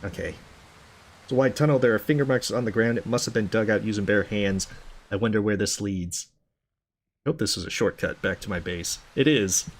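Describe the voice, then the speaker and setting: A man's voice: on the low side, brisk. A man giving casual, wry let's-play commentary with swearing asides.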